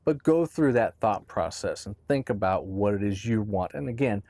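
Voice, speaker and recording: Casting: low-pitched man, casual and practical, restarts his sentences, dry close sound. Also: expressive, moderate pace, a little mellow, no room sound. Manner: conversational, with restarts and "right?" check-ins. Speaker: boat owner explaining boat tops. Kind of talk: casual how-to explanation.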